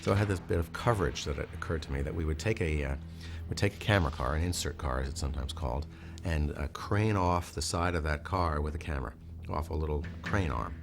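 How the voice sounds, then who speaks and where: A man, a filmmaker in a documentary interview, giving a measured and detailed technical explanation of how a shot was done, with many "uh" fillers. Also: rumbling low, creaky, music in the background.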